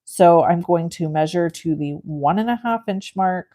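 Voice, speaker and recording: A woman's voice: fairly low pitch, normal speed. Chatty woman crafting on a livestream. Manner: chatty storyteller, animated and self-mocking. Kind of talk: casual chat while crafting.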